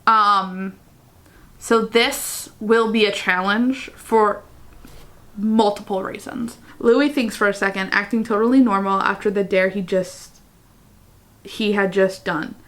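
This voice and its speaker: A woman's voice: mid-range voice, fairly even intonation, takes it slowly, fairly bright tone. A woman vlogger reading fan fiction aloud in a casual way, breaking off into chatty, giggly asides. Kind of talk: casual reading vlog with commentary.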